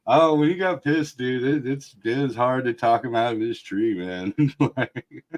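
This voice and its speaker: A man's voice: medium pitch, a little slow, darkish tone. A man, a guest on a casual live stream, laughing often and swearing as he shares memories. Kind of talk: casual chat.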